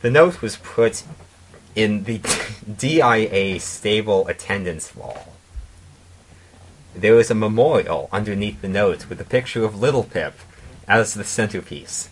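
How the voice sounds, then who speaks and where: A man narrating a comedic dramatic reading of fan fiction in a deadpan way, with mocking asides. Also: fairly low pitch, a little slow, a little hiss or hum.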